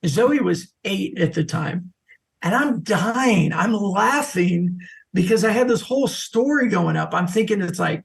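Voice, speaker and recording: A middle-aged man, a social selling expert, telling lively stories as a podcast guest. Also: sits high, measured pace, creaky. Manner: animated anecdotal storyteller. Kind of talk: podcast interview storytelling.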